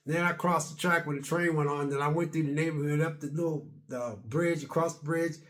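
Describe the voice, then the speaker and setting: A man's voice: a little high, fairly even intonation, brisk, fairly bright tone. A man in his late fifties or sixties talking casually to camera in a vlog, rambling and chatty, with casual double negatives. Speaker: video blogger.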